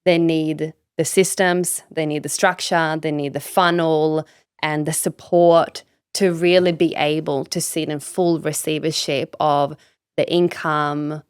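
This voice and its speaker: A Swedish woman with a low, smooth voice guests on a casual podcast interview as a business coach, recorded in clean studio quality with no echo. She's candid and emphatic, swears freely, and leans heavily on "like" and "you know."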